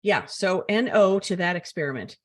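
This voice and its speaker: A woman's voice: fairly low pitch, expressive, normal speed. An older woman co-hosting a casual talk show, emphatic and opinionated. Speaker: co-host. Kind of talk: casual chat.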